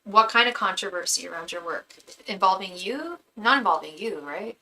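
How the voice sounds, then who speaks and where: A woman's voice: mid-range voice, animated, moderate pace, pushed and bright, slight background noise, rough recording. A young woman reading tarot on a live stream, talking casually with slang and rattling off repeated invocations to her spirit guides. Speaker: tarot reader and psychic medium.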